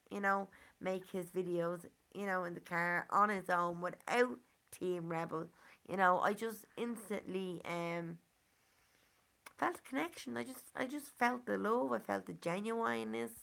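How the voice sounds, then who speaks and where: A woman's voice: mid-range voice, creaky, fairly bright tone. A woman from Dublin with a Dublin Irish accent, talking earnestly in a casual monologue and saying "you know" often. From Ireland. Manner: earnest, repeats 'you know' often. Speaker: community member speaking to a channel.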